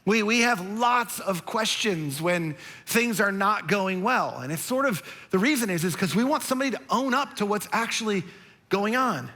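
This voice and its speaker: A man preaching a sermon as a pastor, telling a story with animated emphasis and speaking softly and earnestly when he turns to his listeners. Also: high voice, normal speed. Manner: drops to a soft, earnest tone when addressing listeners directly.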